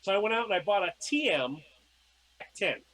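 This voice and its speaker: A man's voice: high voice, sing-song, moderate pace, bright, forceful tone, rough recording. A middle-aged man, a podcast guest, telling casual stories and acting out his own past lines. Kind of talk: casual storytelling.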